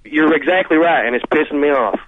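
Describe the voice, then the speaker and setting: A man's voice: a little high, brisk, no echo. A male caller from Arkansas, agitated and angry, talking in stumbling bursts. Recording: tinny phone line.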